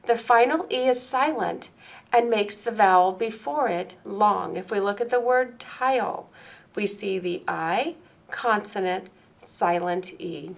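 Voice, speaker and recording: A woman presenting a recorded teacher-training lecture on phonics, explaining each point slowly and deliberately, step by step. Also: medium pitch, creaky.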